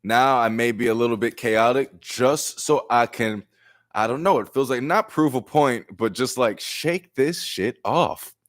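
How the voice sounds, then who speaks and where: A man giving a live-streamed collective tarot reading. He talks casually, jokes in slang and swears, and often swings his voice high and loud to act out little exchanges. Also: unhurried. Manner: animated and profane, acts out exchanges with big jumps in pitch and loudness; slangy and joking. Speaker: tarot reader.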